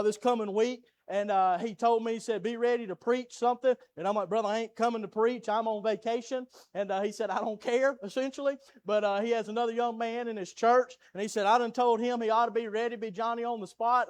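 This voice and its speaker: High-voiced Southern preacher. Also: male voice. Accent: Southern American. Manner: swings from quiet storytelling to loud pleading preaching. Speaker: pastor. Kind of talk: sermon. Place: church sanctuary.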